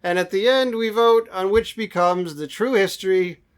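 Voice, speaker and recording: A man's voice: high-pitched, normal speed, clean tone. A man co-hosting a comedy podcast in casual chat, rambling and piling on adjectives. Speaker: podcast co-host.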